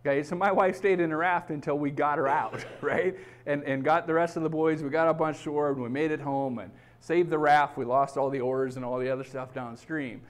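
A man's voice: fairly high pitch, fairly even intonation, brisk, few pauses. Emphatic pastor, a man preaching. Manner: emphatic, repeats "okay?" to the congregation. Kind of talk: sermon.

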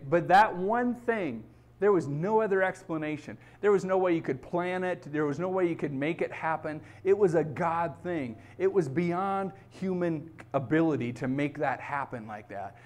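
A middle-aged man preaching a sermon in a fairly high voice. He is emphatic and keeps checking in with his congregation as he goes. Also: moderate pace. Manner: emphatic, repeats "okay?" to the congregation. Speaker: pastor.

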